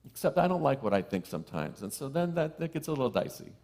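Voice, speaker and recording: A middle-aged man, a minister, giving a sermon to a live congregation, with playful self-deprecating asides and a soft hush on key phrases. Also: mid-range voice, very animated, fast. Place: church sanctuary with live congregation.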